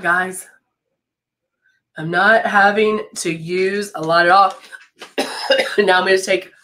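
Woman, head cold, nose stuffed up; clear bright tone, chatty live-stream makeup host. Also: fairly low pitch. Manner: chatty, greets viewers by name, laughs often. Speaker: brand educator hosting a live makeup demo.

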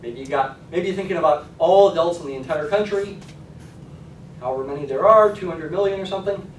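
Male stats lecturer, chatty classroom delivery, somewhat high voice, roomy distant sound. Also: a little fast, a little hiss or hum. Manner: conversational, frequent "okay?" check-ins. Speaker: college statistics lecturer.

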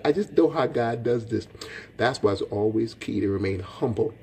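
A man's voice: fairly low pitch, normal speed, vocal fry, a little mellow, slightly rough. A male pastor preaching a sermon in a folksy, direct way, rising to impassioned, emphatic questions. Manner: folksy and direct, talks to viewers by name.

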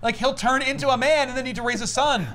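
A man casually recapping a comic book for friends, animated and acting out character lines in quick voices. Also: very high voice, slight background noise. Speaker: comic podcast host recapping a comic.

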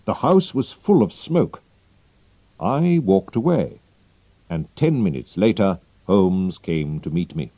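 A man reads a story aloud at a slow, careful pace, his pitch rising and falling lively. His voice is low and mellow, and the audio is dull and dry. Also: husky, no room sound. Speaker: narrator. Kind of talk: slow, clear graded-reader narration.

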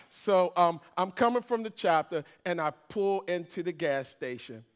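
A man's voice: high-pitched, slow pace, clean tone. A middle-aged man, a pastor, telling a humorous personal testimony in a sermon, joking with the congregation as he goes. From Washington, D.C. area. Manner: animated storytelling, jokes with congregation.

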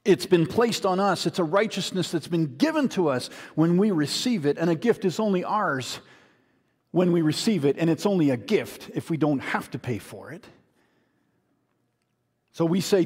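A man preaches a sermon in a high, husky voice, drawing his listeners into a story he builds step by step. He circles back to the same phrases and often restarts a sentence. His voice carries with a long reverb through a church hall. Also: expressive, normal speed, darkish tone. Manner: storytelling, guides listeners through an imagined scene; repeats phrases, frequent restarts. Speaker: pastor.

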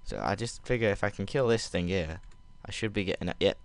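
A young man with a Northern English accent giving sweary, excitable commentary over his own gameplay, slipping into London slang. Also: lowish voice, brisk, creaky. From Northern England. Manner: sweary, excitable outbursts between mumbled asides. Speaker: gaming video creator.

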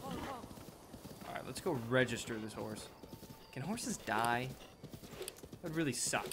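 Man, casual gameplay commentary, excitable, playful swearing, lively up-and-down pitch. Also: slow, noisy background. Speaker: let's play gamer.

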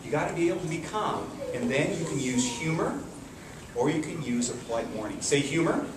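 A man, a martial arts instructor, giving an energetic call-and-response talk to children at a school assembly, coaxing them to repeat phrases. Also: a little high, brisk. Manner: energetic, coaxing, asks questions and has the kids repeat phrases. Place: large echoey room such as a school gym. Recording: echoey hall from far off with kids' noise. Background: children's voices and room noise.

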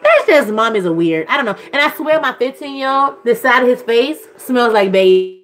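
A woman, chatting casually to camera as a vlogger and mother, rambling and gushing. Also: moderate pace. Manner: rambling and gushing, swings into high excited voices.

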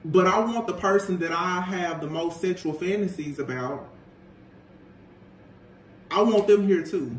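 A man's voice: high voice, unhurried, pauses often, voice pushed down. A man doing a smug narcissistic man. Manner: entitled, matter-of-fact demanding. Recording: roomy echo, distant mic, faint hiss.

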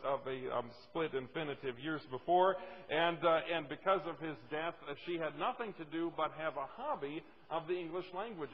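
Emphatic preacher in a reverberant church. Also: male voice, on the high side. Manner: emphatic, slows down for scripture quotes; storytelling with folksy asides. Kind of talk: sermon. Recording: dull lo-fi audio with long reverb.

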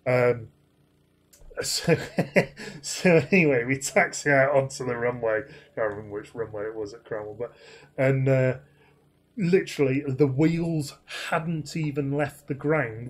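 A man's voice: mid-range voice, a little slow. A man casually telling a rambling, self-deprecating anecdote, full of fillers and restarts. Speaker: flight sim streamer.

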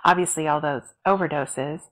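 A podcast co-host who asks gentle questions and offers soft, brief reactions. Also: mid-range voice, normal speed. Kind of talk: listening interviewer.

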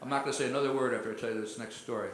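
A man's voice: mid-range voice, fairly even intonation, rapid-fire, very noisy. Laid-back man telling stories in an echoey hall. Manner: laid-back rambling storyteller, says "man" a lot. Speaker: singer-songwriter performing on stage. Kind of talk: storytelling between songs at a concert. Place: live music venue, heard from a hall. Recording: roomy live hall with long reverb.

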